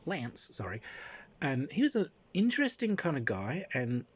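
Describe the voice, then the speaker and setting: Guy telling a story, husky voice, pitch jumps all over, dull lo-fi sound. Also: huge pitch swings, normal speed. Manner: rambling, with many fillers and restarts. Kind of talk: casual spoken anecdote. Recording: dull lo-fi recording.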